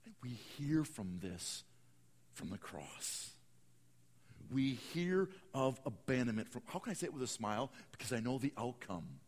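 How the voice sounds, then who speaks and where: A man preaching a sermon, swinging from hushed, slow lines to loud, dramatic bursts. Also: medium pitch, sing-song, big-room sound. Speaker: pastor.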